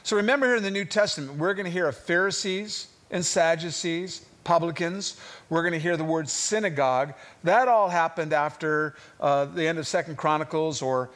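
Male Bible teacher, conversational sermon delivery, lightly raised pitch, animated when quoting. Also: normal speed. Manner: conversational, rising to animated voices for quoted figures.

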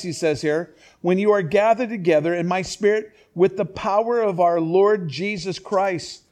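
A male pastor with a notably high voice works through scripture in a chatty, animated sermon. He jumps between reading the text and sarcastic asides, rising and falling in pitch and pace. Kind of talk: expository sermon.

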